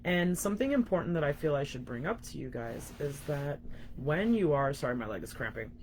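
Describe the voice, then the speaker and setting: A woman's voice: deep voice, animated, fairly quick, darkish tone, slight background noise. A young woman coaching viewers in a frank, emphatic live-stream talk, swearing casually and calling them guys. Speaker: spiritual coach.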